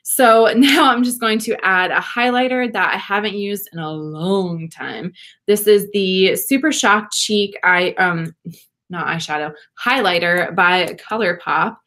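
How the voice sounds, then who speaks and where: A young woman, chatting warmly and gushing to viewers during a casual livestream makeup session. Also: mid-range voice, a little slow. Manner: bubbly, gushing, laughs often, talks to viewers. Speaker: beauty vlogger.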